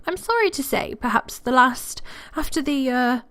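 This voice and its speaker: A woman's voice: high-pitched, animated, normal speed, fairly bright tone, pitched above the performer's own voice. A woman voicing an elderly retired protector, reading game dialogue with grave storytelling and calling the listener dear. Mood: solemn.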